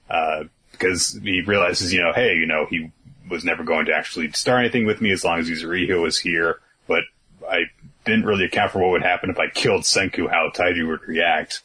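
A husky, low-sitting male voice, bright and forceful and a little fast, belongs to a podcast co-host casually recapping manga chapters. He's laid-back, using lots of fillers and chuckling now and then.

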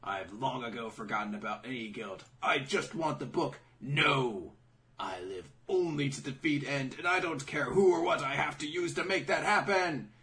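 A vengeful young mage speaks in a low, grim tone, as a man reads him out while recapping. The delivery is lively in pitch, even when it is brooding. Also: normal speed, far from the mic.

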